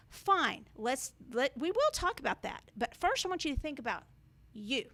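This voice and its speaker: A woman's voice: high voice, big pitch swings, normal speed, fairly bright tone. A woman hosting a spiritual talk to camera, emphatic and sarcastic, slipping into mocking quotes. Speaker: spiritual video host.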